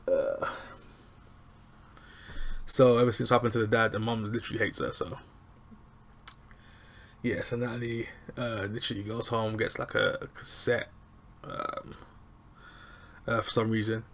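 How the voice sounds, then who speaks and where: A man with casually recapping a TV episode, animated and chatty, acting out lines from scenes. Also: mid-range voice, gravelly. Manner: animated, chatty, acts out quotes. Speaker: TV show reviewer.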